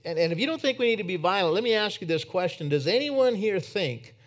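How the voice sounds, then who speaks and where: A man preaching a sermon in church, telling a personal story that swings from emphatic to hushed. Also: high-pitched, expressive, fast talker.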